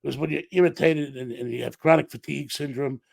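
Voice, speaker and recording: A middle-aged man, a podcast guest, telling a story in an animated way and acting out the dialogue. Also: medium pitch, quick pace, gravelly, no echo.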